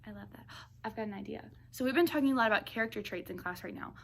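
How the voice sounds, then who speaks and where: A woman's voice: fairly high pitch, animated, quick pace, gravelly, a little hiss or hum. A woman teacher reading a picture book aloud to schoolchildren and chatting about it with encouragement. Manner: warm, encouraging.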